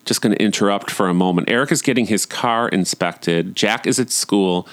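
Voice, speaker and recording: A man telling casual stories from home as a podcast host, chatty and campy, often jumping up into high, excited swoops. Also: normal speed. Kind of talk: casual storytelling monologue.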